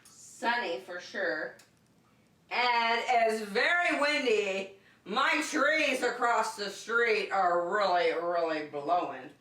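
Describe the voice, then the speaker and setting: Slow sing-song preschool teacher, echoey room. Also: female voice, medium pitch, animated, pushed and bright, recorded from a distance. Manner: slow, cheerful, sing-song teacher talk to small children. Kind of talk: online circle time for young children. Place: room in her home.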